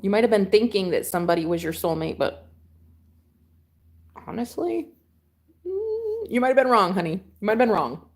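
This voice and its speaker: A young woman who works as a twin flame coach, talking casually to camera in a sassy, emphatic way, swearing freely and laughing loudly. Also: medium pitch, fast. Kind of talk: casual vlog rant to camera.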